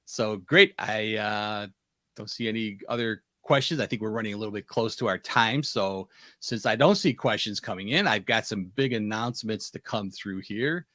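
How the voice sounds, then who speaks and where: A chatty male host on a video call, with a low but bright voice. The sound is dry and close. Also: moderate pace, dry recording. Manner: chatty, with fillers. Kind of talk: webinar hosting.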